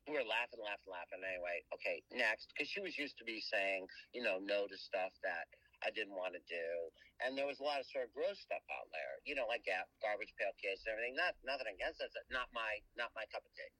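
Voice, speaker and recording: Forceful, low-voiced man telling stories. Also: brisk, dry recording, low-quality recording. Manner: animated, rambling with many restarts. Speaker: interview guest, cartoonist. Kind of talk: casual storytelling.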